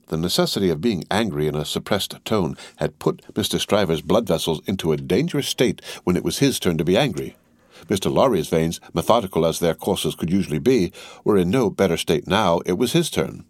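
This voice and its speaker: A man reading a classic novel aloud as narration, with measured, expressive storytelling. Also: sits low, dry recording. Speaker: audiobook reader. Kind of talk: scripted narration.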